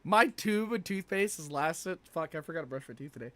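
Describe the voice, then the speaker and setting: A man's voice: on the high side, animated, a little fast. A man reacting to clips on a live stream, casually joking with plenty of crude swearing. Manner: crude, joking, laughs often. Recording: noisy stream audio.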